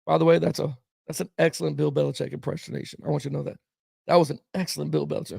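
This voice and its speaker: A man's voice: on the high side, little pitch movement, very fast, vocal fry, mellow, slightly rough, dry recording, clean studio sound. A man hosting a casual sports talk show, rambling and reacting to viewer comments with chuckles, peppering his talk with "man" and "bro".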